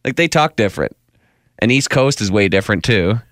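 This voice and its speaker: A man's voice: lowish voice, animated, a little fast, a bit bright, dry recording, clean studio sound. A man co-hosting a radio show, chatty and joking, rambling through his theories. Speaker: radio co-host. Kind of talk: morning radio banter. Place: radio studio.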